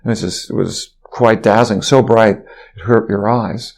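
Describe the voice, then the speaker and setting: A man's voice: on the low side, fairly even intonation, a little slow, vocal fry, a little mellow. A man, a physician guest on an interview show, telling a long anecdote in a rambling way, with fillers and restarts. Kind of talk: storytelling interview.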